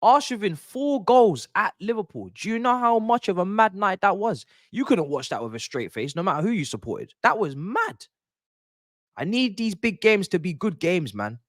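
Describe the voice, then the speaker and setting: Young man, football watch-along streamer, excitable and slangy, dry close mic. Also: high-pitched, moderate pace, no room sound. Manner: excitable, slangy, repeats himself. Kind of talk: live match watch-along commentary.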